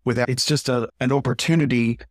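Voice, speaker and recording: A man's voice: mid-range voice, fairly even intonation, fairly quick, dry recording. Man explaining earnestly in a dry recording. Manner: earnest, explanatory, lots of "right?" asides. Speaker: guest, communication trainer. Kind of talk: podcast interview.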